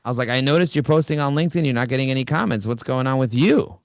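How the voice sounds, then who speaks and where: A middle-aged man giving a high-energy business talk, swinging his pitch up and down as he plays out both sides of conversations. His voice sits in an ordinary register and sounds close and dry, with no room around it. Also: very fast, no room sound. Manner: animated storytelling, acts out both sides of dialogues. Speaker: business speaker.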